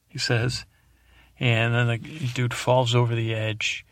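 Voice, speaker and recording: A man's voice: medium pitch, level tone, takes it slowly, no room sound, studio quality. A man hosting a sleep podcast, rambling and meandering through an episode recap with drowsy, self-deprecating asides. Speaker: podcast host.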